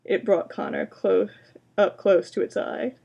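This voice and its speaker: Woman reading aloud with a gravelly voice. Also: mid-range voice, steady tone, measured pace, warm tone. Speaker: library science student presenting books. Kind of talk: booktalk presentation with read-aloud excerpts.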